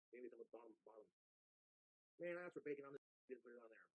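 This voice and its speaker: A man rambles through a fast food review for his viewers, slangy and loaded with swearing. He sits close to the mic, and the sound is dry with no room around it. His pitch sits in an ordinary middle range. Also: a little mellow, dry recording, poor audio. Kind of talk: casual food review vlog.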